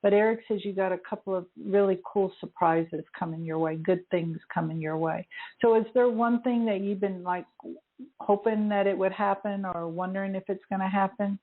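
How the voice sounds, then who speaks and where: A woman's voice: medium pitch, fairly even intonation, normal speed. A woman working as a spirit medium, passing on messages to callers in a hesitant, searching way, with many fillers. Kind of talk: relaying messages on a call-in radio show. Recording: narrow phone-line sound.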